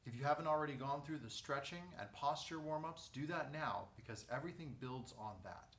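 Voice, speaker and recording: A man teaching a vocal lesson, guiding breathing and posture in a calm, step-by-step way. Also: on the high side, brisk. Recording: echoey room, mic at a distance.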